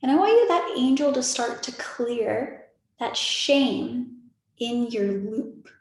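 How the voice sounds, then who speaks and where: A young woman in her twenties guides a meditation over a video call, her voice soft, soothing and a little high. She repeats gentle reassurances and keeps slipping in casual filler words. The call sounds very echoey, as if she is in a bare, hollow room. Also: lively intonation, slow pace. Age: 20s. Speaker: spiritual meditation leader. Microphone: video call microphone.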